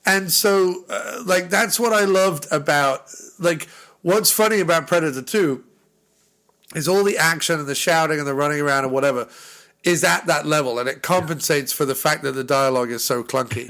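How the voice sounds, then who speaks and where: Bright, animated man chatting about films. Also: fairly high pitch, normal speed. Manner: animated, swearing, quoting movie lines in a raised voice. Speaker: podcast co-host. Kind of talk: casual film chat.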